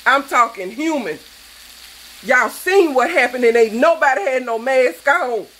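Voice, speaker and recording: Woman, cooking vlog host, preachy scolding rant, slightly high voice. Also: fairly bright tone, poor audio. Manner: fervent, preachy, scolding viewers.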